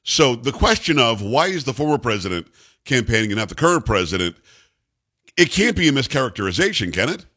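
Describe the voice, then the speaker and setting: A man's voice: mid-range voice, big pitch swings, fairly quick, pushed and bright, slightly rough. A man hosting a political talk radio show, sarcastic and mocking as he picks apart clips.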